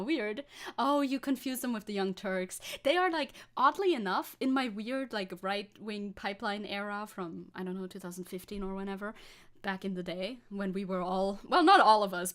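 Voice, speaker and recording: A woman's voice: medium pitch, a bit bright. A woman VTuber streamer chatting casually with a giggly, sarcastic manner while reacting to a clip.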